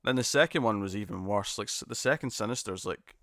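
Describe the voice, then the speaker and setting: A man hosting a live stream, chatting casually and reading viewer comments, self-deprecating and quick to laugh. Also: fairly low pitch, fairly bright tone, no room sound, studio quality. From United Kingdom.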